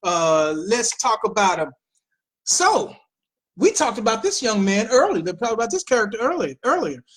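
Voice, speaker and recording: American male host, opinionated commentary, sarcastic and exclaiming, very lively inflection. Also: high-pitched, moderate pace.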